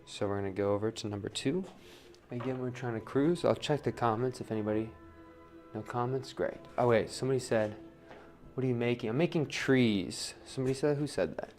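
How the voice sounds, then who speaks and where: A man's voice: medium pitch, brisk, a little mellow, faint music behind. A man demonstrating wheel throwing on a livestream, talking casually, counting his pulls aloud and asking "right?" a lot. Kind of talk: live-streamed pottery demo. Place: pottery studio at the wheel.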